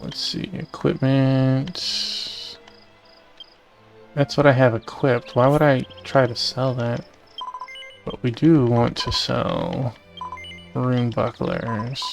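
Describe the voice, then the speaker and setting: A young man casually commenting on a game playthrough in relaxed, muttered asides. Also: mid-range voice, slow pace, gravelly, long pauses, music in the background. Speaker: game streamer.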